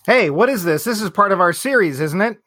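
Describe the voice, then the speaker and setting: A man's voice: sits high, expressive, a little fast, pushed and bright. A man co-hosting a casual podcast, teasing and playful. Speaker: podcast co-host.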